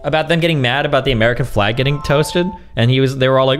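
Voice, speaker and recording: A man's voice: medium pitch, rapid-fire, soft background music. A man ranting on a livestream in a heated, profane, mocking way. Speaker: streamer. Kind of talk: casual livestream rant.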